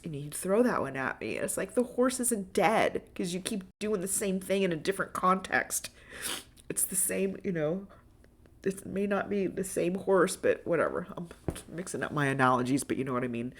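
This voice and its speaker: A woman's voice: mid-range voice, expressive, normal speed. A woman hosting a personal monologue podcast, talking candidly in a rambling way and swearing freely. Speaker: podcast host.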